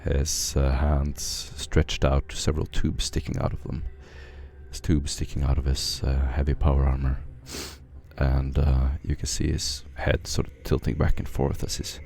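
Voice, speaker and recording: A man narrating a tabletop game as game master, describing scenes slowly with many fillers. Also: a bass voice, vocal fry, dark tone.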